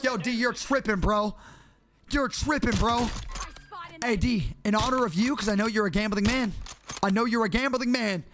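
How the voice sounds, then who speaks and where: High-voiced brash trash-talking streamer man. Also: normal speed, music in the background. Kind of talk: casual live-stream commentary while gaming. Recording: game noise under voice.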